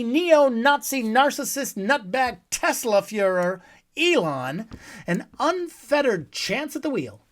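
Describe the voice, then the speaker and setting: Animated, scornful man ranting sarcastically. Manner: dramatic swings between loud outbursts and low, hushed asides. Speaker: host. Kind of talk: scripted political monologue.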